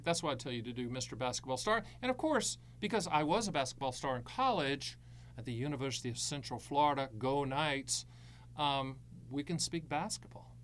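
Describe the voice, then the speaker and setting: A man's voice: fairly high pitch, a bit bright. A middle-aged man hosting a live Q&A as an annuity advisor, answering viewer questions with breezy, jokey salesman patter.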